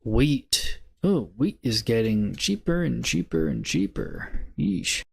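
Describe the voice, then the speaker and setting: A man's voice: on the low side, huge pitch swings, slow, vocal fry, slightly rough. A man hosting a casual trading live stream, laid-back and muttering, breaking into swearing laughter.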